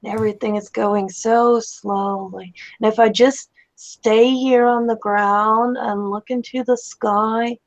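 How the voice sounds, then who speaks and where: A woman playing a tabletop role-play game, describing her character in a halting, dreamy way with many restarts. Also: a little high, fairly even intonation, highs cut off. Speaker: player.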